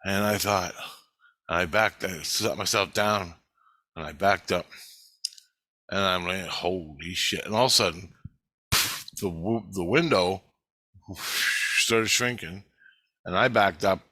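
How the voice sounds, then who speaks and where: A middle-aged man with a lowish, bright voice tells a rambling story, swearing often and getting excited. He is recorded close up on a dry mic. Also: takes it slowly, pauses often, dry recording. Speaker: vlogger. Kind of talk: casual storytelling.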